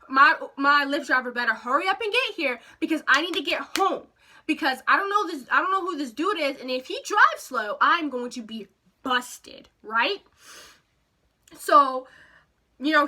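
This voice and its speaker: A young woman tells a storytime to her camera. Her voice sits high and bright. She talks in a chatty, animated way, full of "like" and quoted back-and-forth. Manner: chatty, animated retelling with lots of "like" and quoted dialogue. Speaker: vlogger. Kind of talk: casual storytime.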